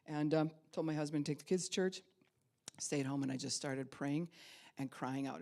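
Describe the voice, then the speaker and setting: A middle-aged woman pastor preaching a sermon, telling a personal story and swinging from loud emphasis to hushed whispers. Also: low-pitched.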